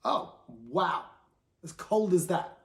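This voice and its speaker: A high-pitched, animated man speaks slowly in an echoey room as he hosts a podcast alone. He's open and casual about himself, chatting, laughing, and doing quoted voices.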